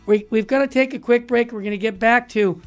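A woman's voice: on the high side, brisk, faint music behind. A woman hosting a Catholic radio talk show, speaking earnestly and with emphasis, often repeating words as she restarts a thought.

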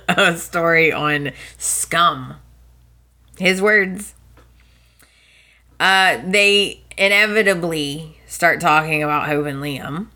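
A chatty woman podcast host walks through soap opera episodes. Her voice sits a little low but sounds bright and forceful, and she talks at an unhurried pace. She laughs often and slips into quick voices for the characters. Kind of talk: casual chat recap.

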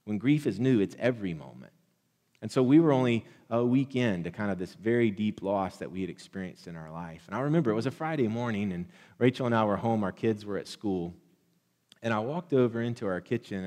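A man preaching a sermon, building to loud, impassioned repeated blessings. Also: on the low side, long reverb tail. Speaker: pastor.

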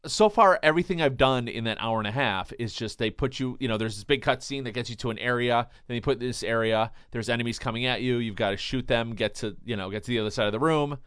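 A man co-hosting an entertainment podcast, blunt and deadpan in casual chat. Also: mid-range voice, fast talker, few pauses, clear, resonant tone, no echo, clean studio sound. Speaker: podcast co-host.

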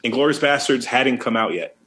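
A man's voice: mid-range voice, fairly quick. Male, 30s, podcast co-host, casual anecdote teller with a mid-range voice. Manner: animated storyteller, acts out quotes. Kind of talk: casual chat.

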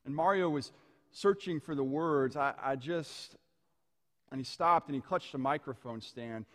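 A man preaching a sermon, telling stories in a measured way and slowing down on key phrases. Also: fairly high pitch, expressive, a bit bright. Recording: long hall reverb.

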